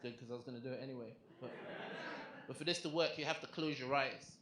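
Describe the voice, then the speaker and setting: A young man doing a stand-up comedy set, chatty and animated, asking the crowd questions on a club stage. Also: medium pitch, fast. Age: young adult. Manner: conversational, animated punchlines, asks the crowd questions. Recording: echoey club with crowd noise.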